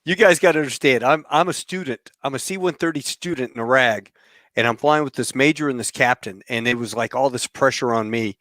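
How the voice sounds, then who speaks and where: Animated man telling a story. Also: medium pitch, a little fast, no echo. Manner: lively storyteller, animated when telling anecdotes. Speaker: podcast host. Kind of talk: casual interview.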